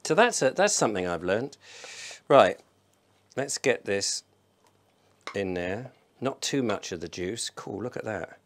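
An English vlogger with a lowish, expressive voice chats casually at a measured pace through a home cooking vlog. He thinks aloud and pokes fun at himself, recorded on a microphone in a room.

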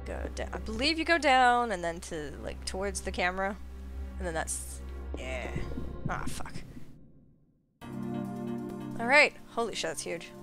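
A woman's voice: medium pitch, sing-song, unhurried, long pauses, over music. A young adult woman streaming a horror game live, chatting casually with frequent swearing and laughter. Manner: swears a lot, laughs often.

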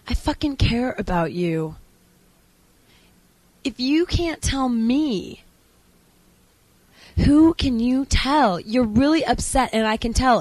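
A woman's voice: fairly high pitch, a little mellow, dry recording, pitched above the performer's own voice, poor audio. A woman doing a pushy, coaxing boyfriend. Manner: coaxing, insistent. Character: pushy young boyfriend, falsely soothing.

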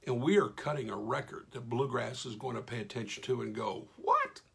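A man's voice: mid-range voice, fairly quick, gravelly, slightly rough. A middle-aged man, hosting a casual live stream, reading out viewers' names and chatting with folksy enthusiasm as his voice wears thin. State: losing his voice. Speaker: radio host reading live comments.

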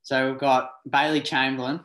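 An easygoing Australian man in his late teens hosts a casual podcast, putting questions to his guest with plenty of ums. His voice sits at a mid pitch. The room gives it a noticeably echoey sound. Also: flat delivery, normal speed, fairly bright tone. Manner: easygoing, filler-heavy questioning. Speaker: podcast host. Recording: roomy echo.

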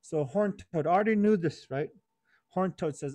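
Man, storytelling to kids, teacherly, fairly high voice, dry close sound. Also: moderate pace, dry recording. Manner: gentle teacherly, often asks "right?" and "okay?". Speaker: storyteller for youth. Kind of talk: traditional storytelling to children.

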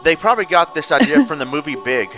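A man riffing through casual gaming commentary with a bright, lively voice that swings all over. His delivery is animated and full of laughter. Faint music runs under him. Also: fairly high pitch, quick pace. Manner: animated, laughing, does goofy quoted voices. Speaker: let's play co-host.

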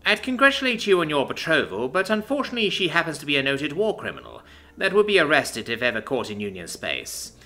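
A woman's voice: rumbling low, huge pitch swings, brisk, pushed and bright, heavily acted. A man voicing a stern, authoritative woman president in her forties. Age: 40s.

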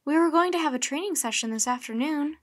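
A woman reading aloud voices James, an excited young boy, lifting her voice for his eager lines. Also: high-pitched, fast, voice pushed up.

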